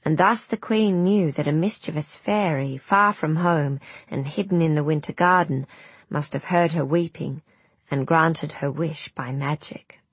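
A woman narrates a fairy tale in a measured, gentle way, her voice a little low and breathy. She reads very slowly and deliberately. The recording is dry and close. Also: no room sound. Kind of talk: scripted storybook narration.

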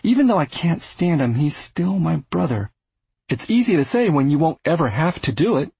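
A man's voice: on the high side, big pitch swings, normal speed, vocal fry, warm tone, breathy edge, dry recording, voice pushed up, full character voice. A man voicing a defensive, resentful middle-aged man who answers his brother with earnest insistence, in a storybook reading.

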